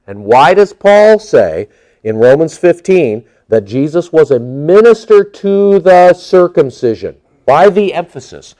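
A man giving a conversational Bible teaching, asking his listeners rhetorical questions and reading scripture aloud louder and slower. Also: fairly high pitch, very animated.

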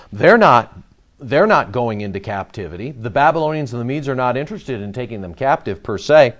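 A man's voice: medium pitch, a bit bright, dull audio. A man preaching an expository sermon, emphatic and repetitive, stressing key words with frequent fillers and restarts. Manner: emphatic, repeats words for effect, many fillers.

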